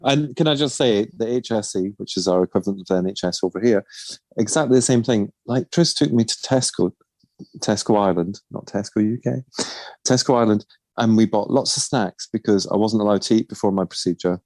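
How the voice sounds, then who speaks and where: A man's voice: fairly low pitch, a little fast, darkish tone, dry recording. A man co-hosting a podcast in casual chat, chatty and self-mocking, often breaking into giggles. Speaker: podcast co-host.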